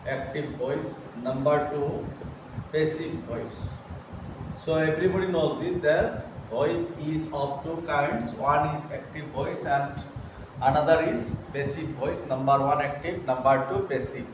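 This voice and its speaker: A man teaching an English grammar lesson, talking slowly and repeating phrases, often saying "okay" while writing examples. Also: fairly high pitch, steady tone. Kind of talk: slow grammar lesson at a whiteboard. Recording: very echoey room, mic far off, noisy.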